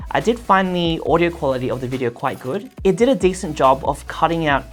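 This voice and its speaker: A woman's voice: low voice, expressive, a little fast, faint music behind. A woman reviewing a headset in a casual, chatty way, with loose phrasing and frequent fillers. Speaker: tech product reviewer.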